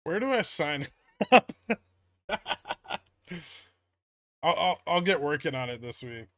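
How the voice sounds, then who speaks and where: A man hosting a casual stock-market livestream, reading viewer chat aloud and answering in a relaxed, rambling way. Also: on the high side, takes it slowly, no room sound.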